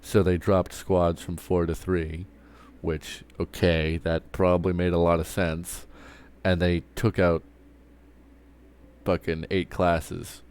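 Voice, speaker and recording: This man speaks slowly in a low, slightly mellow voice with a clean tone and flat delivery. Streaming live, he rants casually, curses heavily, rambles, and keeps stumbling over restarts.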